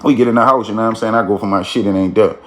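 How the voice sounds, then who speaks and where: A man's voice: on the low side, fairly even intonation, very fast. A man telling a street story in a casual, slangy way, with frequent "you feel me" tags.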